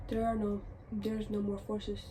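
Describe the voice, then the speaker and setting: A woman vlogger telling a casual storytime in an animated, exasperated way, repeating herself for emphasis. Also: mid-range voice, unhurried. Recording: distant mic with noisy background.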